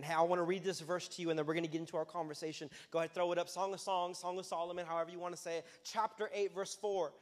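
A man preaching as a youth pastor in a sermon, talking in a loose, conversational way that breaks into loud, emphatic bursts. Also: high voice, flat delivery, racing, few pauses. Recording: long hall reverb.

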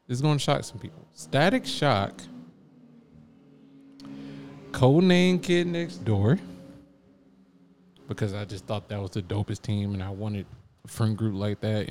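A man co-hosting a casual podcast, with a slight Southern twang in his voice. He talks in an animated, playful way and laughs often. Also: on the low side, slight background noise. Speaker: podcast co-host. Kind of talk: casual chat.

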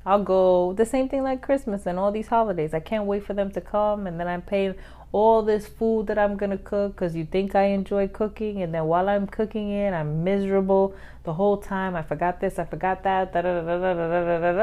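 A woman's voice: mid-range voice, brisk, narrow, tinny audio. A woman co-hosting a podcast, talking casually and getting riled up, with frequent laughs. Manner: animated, gets riled up and laughs. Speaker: podcast co-host. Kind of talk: casual chat.

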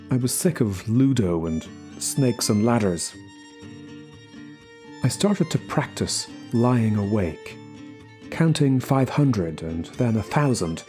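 A man reading a short story aloud as the narrator, in slow, measured scripted narration. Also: medium pitch, warm tone. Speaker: story reader.

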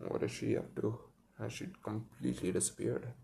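A man reading a children's story aloud, pausing to muse and comment on it. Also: lowish voice, steady tone, creaky, warm tone, husky. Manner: muses aloud between passages. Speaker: reader.

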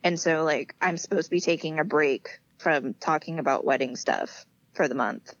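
A chatty young woman, a podcast guest, tells stories and acts out both sides of quoted exchanges, peppered with "like". Her voice sits a little low for a woman. The sound is slightly dull and dry, with no room around it. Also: moderate pace, dry recording. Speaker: interview guest. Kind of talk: casual chat.

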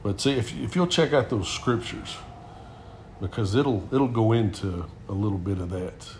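Speaking at a normal speed in a lowish, darkish voice, a middle-aged man shares testimony and stories casually as co-host of a Christian talk show. He sounds earnest and preacher-like, uses many fillers, and a little hiss or hum can be heard.

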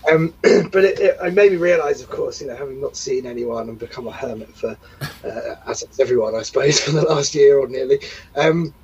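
A man's voice: medium pitch, a little fast, darkish tone, dull audio, slight background noise. A man hosting a casual podcast chat, rambling and self-deprecating. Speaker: podcast host.

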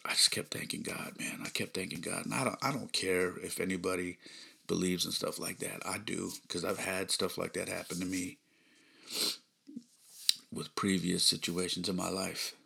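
A man hosting a podcast, earnestly telling a personal story, emotional and close to tears, often dropping to a hushed near-whisper. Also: sits low, level tone, normal speed. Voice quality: gravelly, husky. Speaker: podcast host.

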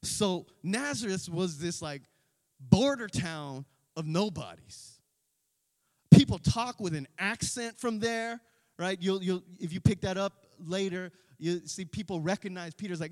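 Man, pastor, high voice, lively conversational sermon, long hall echo. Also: unhurried. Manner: animated, conversational preaching with slang.

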